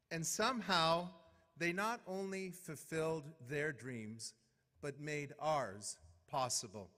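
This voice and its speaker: A middle-aged man, a mayor, giving a formal, measured inaugural speech full of heartfelt thanks. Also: a little high, bright, forceful tone. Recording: long hall reverb.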